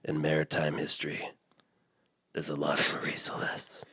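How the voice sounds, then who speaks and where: A man voicing a weary, solemn old male sea captain in a low, hushed voice, as part of a casual podcast recap. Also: steady tone, normal speed, background noise.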